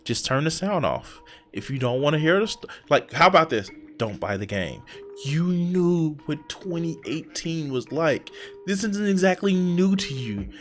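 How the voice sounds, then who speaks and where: A man's voice: fairly high pitch, very animated, a little slow, faint music behind. A man hosting a reaction commentary, exasperated and profane, who stammers and restarts his sentences. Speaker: reaction video host.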